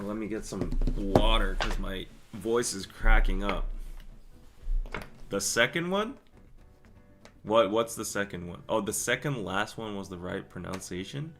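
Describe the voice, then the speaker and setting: A young man rambling cheerfully through a live-stream chat, his voice bright and forward, pitched a little low. He talks in loose, chatty runs with asides and laughs, and soft music plays faintly behind him. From Korea. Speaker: podcast host reading live chat.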